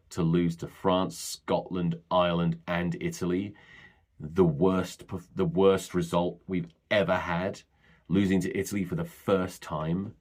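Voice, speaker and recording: Deep-voiced man ranting on a podcast. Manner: rambling, sweary, blunt. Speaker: podcast host. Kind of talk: solo podcast rant.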